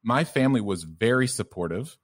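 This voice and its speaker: Middle-aged Southern-born man, mid-pitched voice, loose anecdotal podcast talk. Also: brisk. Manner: relaxed storytelling, filler-heavy. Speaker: guest sex therapist. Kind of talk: conversational podcast interview.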